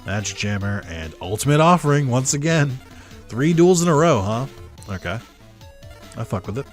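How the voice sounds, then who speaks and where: Low-voiced laid-back gaming guy. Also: a bit bright. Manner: laid-back, musing aloud, chuckling. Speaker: gamer. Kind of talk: casual let's-play commentary.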